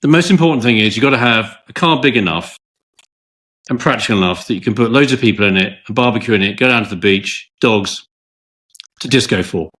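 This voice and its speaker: A man's voice: fairly low pitch, a little fast, a bit bright. A man co-hosting a casual podcast chat, telling long, rambling stories with many restarts. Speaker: podcast co-host.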